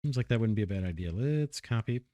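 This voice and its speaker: A man's voice: fairly low pitch, animated, fast talker, mellow, no room sound, muffled recording. A man hosting a let's play, thinking aloud as he builds, his voice a little worn. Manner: thinking aloud, musing and self-correcting. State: slightly losing his voice. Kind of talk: casual gameplay commentary.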